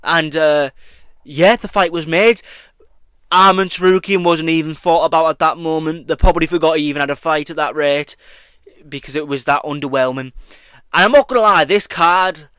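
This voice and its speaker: Profane young man with a clear voice. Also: a little high, moderate pace, no echo. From Britain. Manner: profane, mocking, excitable. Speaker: YouTuber commentating on combat sports. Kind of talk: casual reaction vlog.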